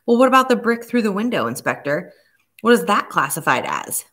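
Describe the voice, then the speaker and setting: A woman's voice: medium pitch, very animated, fairly quick, pitched above the performer's own voice. A woman voicing an angry American father who speaks sharply and icily. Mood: indignant. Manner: sharp and icy.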